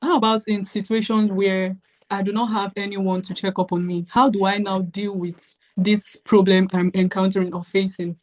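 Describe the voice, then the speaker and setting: A woman's voice: mid-range voice, little pitch movement, normal speed, a little mellow. A woman hosting a podcast interview, asking questions and responding with short affirming sounds. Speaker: podcast host. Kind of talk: casual interview conversation.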